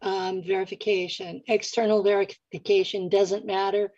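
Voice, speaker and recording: A woman's voice: mid-range voice, level tone, normal speed, darkish tone, no room sound, muffled recording. A woman hosting an interview, chiming in with short agreeing remarks. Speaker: host. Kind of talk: casual interview chat.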